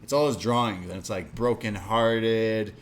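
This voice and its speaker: A man's voice: on the low side, measured pace, slight background noise. A man co-hosting a live wrestling review stream, recapping the episode in casual chat and acting out the characters' lines in goofy voices. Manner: animated, acts out quotes in silly voices. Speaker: podcast co-host.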